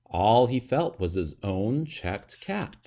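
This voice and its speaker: A man reading a children's picture book aloud in an expressive, sing-song way. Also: fairly low pitch, takes it slowly, vocal fry. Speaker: storybook reader.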